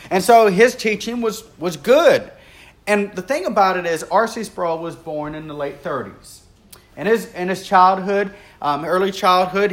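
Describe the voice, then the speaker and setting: High-voiced earnest male preacher. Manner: earnest, builds in intensity and then drops low and quiet. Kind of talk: sermon storytelling.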